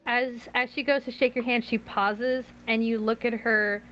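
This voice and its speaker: A woman narrating as game master of a tabletop game, lively and quick to laugh, on a muffled recording. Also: fairly high pitch. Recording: muffled lo-fi audio with faint hiss.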